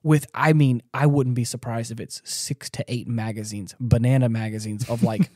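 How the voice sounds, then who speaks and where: Rambling man with a mellow voice. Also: mid-range voice, normal speed, no echo. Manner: rambling, animated, many restarts and fillers. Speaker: podcast co-host. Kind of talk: casual movie review chat.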